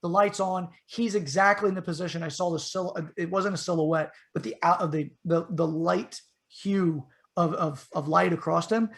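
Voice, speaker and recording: A middle-aged man telling a story in a casual podcast chat, his voice jumping up and getting loud whenever he quotes himself. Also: sits high, moderate pace, vocal fry, hardly any pauses. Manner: animated storyteller, voice rises sharply when quoting himself. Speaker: podcast co-host.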